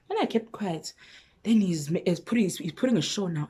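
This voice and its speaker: A woman with a South African accent telling a personal story on her vlog, lively, with hushed asides. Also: fairly low pitch, quick pace, breathy edge. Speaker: vlogger.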